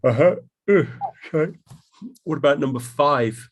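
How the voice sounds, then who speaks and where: A man teaching an online English class, talking in a relaxed, chatty way with many ums and restarts. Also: on the high side, measured pace, a crowd in the background.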